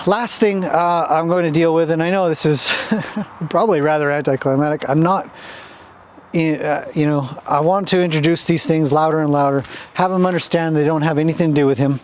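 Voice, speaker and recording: Gentle, chatty man training a horse. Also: fairly high pitch, fairly even intonation, moderate pace, slight background noise. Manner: gentle, soothing, chatty and self-deprecating. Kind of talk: instructional commentary while training. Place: outdoors in a horse pen near a road.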